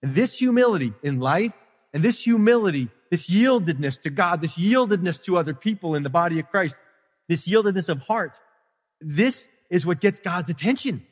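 A middle-aged man preaching a conversational, animated sermon, now and then acting out prayers. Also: sits high, normal speed. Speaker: pastor. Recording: live-streamed hall with long reverb.

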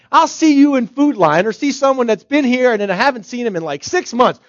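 Delivering his sermon in an easygoing, conversational style, a high-voiced male pastor fires off one rhetorical question after another. He's animated and a little fast, with few pauses, and the slightly dull recording is completely dry, lacking any room echo.

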